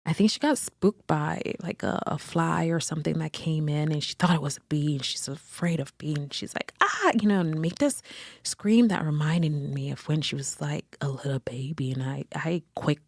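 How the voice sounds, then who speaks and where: This low-voiced woman is a therapist hosting a podcast, speaking at a moderate pace with no room sound. Her solo talk is reflective and gently conversational as she searches for words and corrects herself while thinking aloud.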